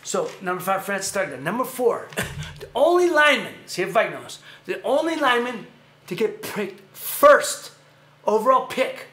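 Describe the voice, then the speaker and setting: A man hosting a casual livestream, ranting animatedly and sometimes shouting. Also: high-pitched, sing-song, moderate pace, reverberant. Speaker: show host. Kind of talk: casual livestream rant and chat.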